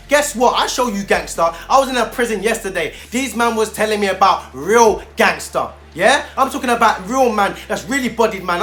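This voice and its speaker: A youth mentor rants directly to camera at young people, using fired-up, preachy street talk and repeating himself for emphasis. His voice is high-pitched with a fairly bright tone.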